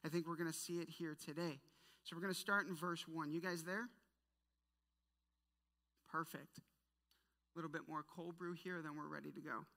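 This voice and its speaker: A woman teaching a Bible study in an animated, chatty way, with playful asides. Her voice is bright and forceful. It rings with a long hall reverb. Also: low voice, moderate pace, pauses often.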